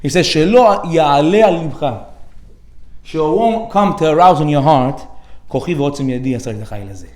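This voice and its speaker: A man, a rabbi, giving an energetic, animated Torah class with acted-out anecdotes, sprinkling in Hebrew words and slang. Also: on the high side, normal speed, reverberant. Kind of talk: lively sermon with acted anecdotes. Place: synagogue hall.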